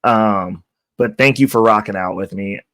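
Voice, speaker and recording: Deep-voiced stuffy man, rambling casually. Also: normal speed, a bit bright, no echo, clean studio sound. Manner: loose and rambling, with many fillers and self-corrections; upbeat, hyping the viewers. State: stuffy and voice nearly worn out. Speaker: crypto channel host. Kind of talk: casual talk to camera.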